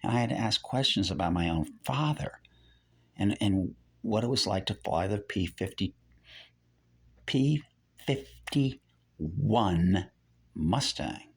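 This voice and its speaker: A man's voice: fairly low pitch, expressive, slow pace, vocal fry, long pauses, breathy edge. An older man giving rambling religious teaching. He repeats phrases and keeps correcting himself.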